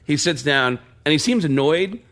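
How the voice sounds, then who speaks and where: Animated man telling a comedy story. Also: a little high, moderate pace. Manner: animated, lively, laughing often. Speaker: comedian guest. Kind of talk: storytelling with impressions.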